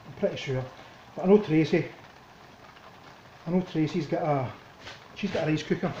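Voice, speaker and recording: A man's voice: on the high side, normal speed, reverberant, dull audio, a little hiss or hum. Chatty Scottish man cooking at home. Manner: chatty, relaxed, thinks aloud while cooking. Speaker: cooking vlogger. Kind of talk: casual cooking commentary. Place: home kitchen.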